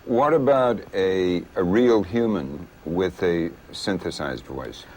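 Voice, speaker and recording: A man's voice: deep voice, lively intonation, slow pace, darkish tone. A male interviewer asking thoughtful, probing questions.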